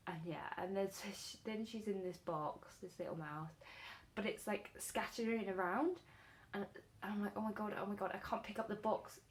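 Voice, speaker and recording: Chatty woman telling a story while doing makeup. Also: mid-range voice. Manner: chatty, animated storytelling with many fillers. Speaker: beauty vlogger.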